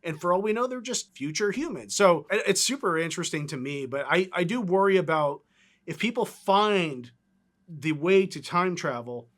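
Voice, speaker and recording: Rambling, animated podcast co-host man. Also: sits high, moderate pace. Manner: animated, rambling, lots of 'like' and 'right?'. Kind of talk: casual podcast chat.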